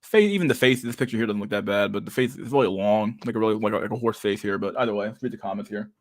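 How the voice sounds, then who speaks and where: A man's voice: on the low side, very fast, no room sound, clean studio sound. A young man from Canada, rambling and swearing casually as the host of a livestream chat. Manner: rambling, profane, laughs at memes.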